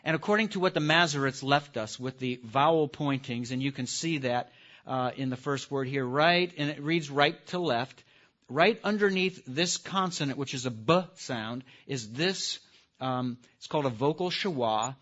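A man teaching a live class in a lively lecture, putting questions to the audience and stressing key words. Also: mid-range voice, normal speed. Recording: dull lo-fi recording.

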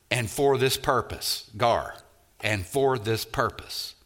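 A man's voice: medium pitch, fairly bright tone. A man preaching an expository sermon, repeating key phrases and leaning hard on single words for emphasis.

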